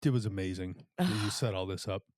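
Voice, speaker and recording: A man's voice: low voice, fast talker, a little mellow, no room sound, studio quality. A man co-hosting a podcast in casual chat, chiming in with short supportive replies. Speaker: podcast co-host.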